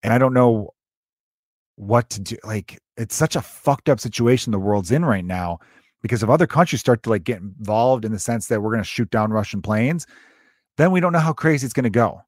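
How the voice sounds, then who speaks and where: Male podcast host, 30s, mid-pitched, casual profane storyteller, dry room. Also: expressive, fairly quick, no room sound. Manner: rambling, profane, self-interrupting storyteller. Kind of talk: casual monologue.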